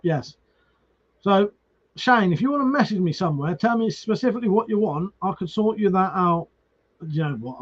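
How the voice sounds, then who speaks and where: A man's voice: high voice, slightly rough. A man chatting casually with viewers on a live stream, reading comments, greeting them by name and swearing freely. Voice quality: swears freely, restarts words. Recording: dull lo-fi stream audio.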